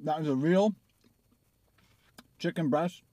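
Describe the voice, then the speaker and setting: A man's voice: fairly high pitch, slow pace, mellow, slight background noise. Middle-aged man, food vlogger in a car, casual, talks through mouthfuls. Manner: eating while talking, mouth full. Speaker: food reviewer. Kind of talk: casual food review vlog.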